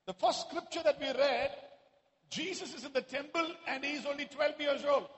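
A man preaching a sermon to a congregation in a church, at times raising his voice to a shout. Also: very high voice, moderate pace. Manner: rises to shouting exclamations. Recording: echoey hall.

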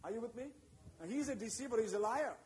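Brief: male preacher with a very high-pitched voice, emphatic and repetitive, keeps checking in with the congregation. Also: expressive, fast talker, rough recording. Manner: preaching with call-and-response asides to the congregation. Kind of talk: sermon.

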